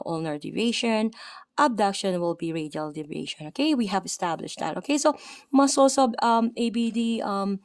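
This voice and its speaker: Young Filipino-accented woman, massage therapist tutoring online; hesitant, lots of "um", crisp and dry. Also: on the low side, no echo. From Philippines. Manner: halting, many fillers and self-corrections. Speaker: massage therapist teaching anatomy. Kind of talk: casual online anatomy lesson.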